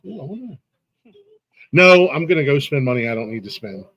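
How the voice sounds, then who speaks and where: A man's voice: on the high side, sing-song, fairly quick, a bit bright. A man hosting a casual live-stream interview, laid-back and laughing often, with lots of restarts and fillers. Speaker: podcast host.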